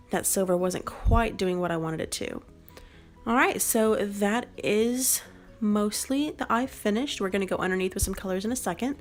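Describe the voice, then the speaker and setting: A young woman narrates her makeup tutorial in an unhurried, instructional way. Her voice sits in a middle register, and faint music plays behind her. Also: mid-range voice. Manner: calm, step-by-step instructional. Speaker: beauty vlogger.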